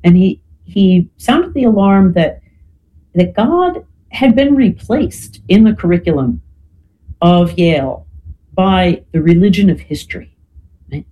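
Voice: mid-range voice, lively intonation, a little slow, long pauses, phone-quality sound. A podcast guest explaining at length in a lecture-like way, often checking in with "right?" and "you know". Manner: thoughtful, lecture-like delivery with restarts.

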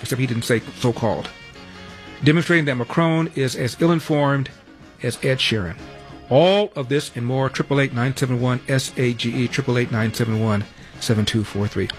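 A man's voice: medium pitch, normal speed, faint music behind. A man hosting a talk radio show in a studio, rattling through headlines with wry, sarcastic asides. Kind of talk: talk radio news rundown and monologue.

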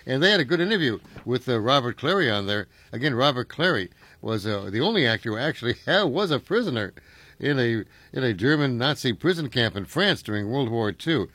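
A man's voice: medium pitch, very animated, brisk, a bit bright, no echo. Chatty male radio host. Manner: chatty, with many fillers. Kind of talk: casual radio talk.

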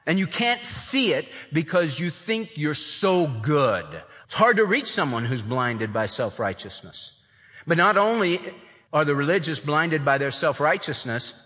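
A male preacher with a bright, ringing voice that swings widely up and down as he preaches. He slips in and out of acted voices of the people in his story. His words carry a long echo, as in a large hall. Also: mid-range voice. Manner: acts out the older son's complaints in voices. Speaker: pastor. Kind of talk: sermon.

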